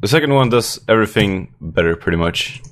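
A man with a very deep voice chats about games in a relaxed way. He sometimes stops to search for a word. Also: fairly quick. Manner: relaxed, searching for words mid-sentence. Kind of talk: casual chat about video games.

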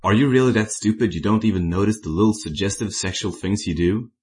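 Tall male zombie smoker, deep voice, teasing and suggestive, a man reading it. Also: fast talker, darkish tone, close to an everyday voice. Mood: annoyed.

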